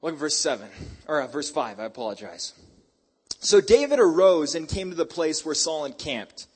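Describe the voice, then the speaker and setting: A male preacher delivering a sermon in a hyper, animated storytelling style, mixing scripture with casual slang. His voice sits a little high and sounds slightly husky. His pitch jumps all over the place. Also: normal speed.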